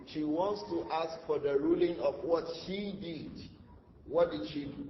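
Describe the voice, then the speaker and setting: A man with a somewhat high voice gives a religious lesson. He poses rhetorical questions to his listeners, answers them himself, and explains the Arabic terms he uses. The sound is muffled, with a long hall echo. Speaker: Islamic teacher. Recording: dull, echoey hall with faint noise.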